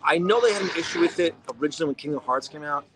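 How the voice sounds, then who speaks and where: A man's voice: fairly high pitch, rapid-fire, a crowd in the background. A man in a casual chat, blunt and swearing as he tells stories.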